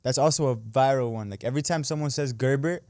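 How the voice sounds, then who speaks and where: A man's voice: medium pitch, fast talker, darkish tone, no echo, clean studio sound. A young man from Canada, an online creator and amateur boxer, chatting casually as a guest and trailing off with lots of "like". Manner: laid-back, laughs easily, trails off with "like". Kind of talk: casual interview chat.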